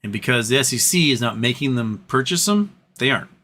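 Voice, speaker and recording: A man's voice: medium pitch, animated, fairly quick, bright, forceful tone. Tired man rambling on a live stream. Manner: rambling, trails off, many fillers. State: tired voice, clearing throat. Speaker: livestream host. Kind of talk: casual live-stream chat. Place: home room with a fan running.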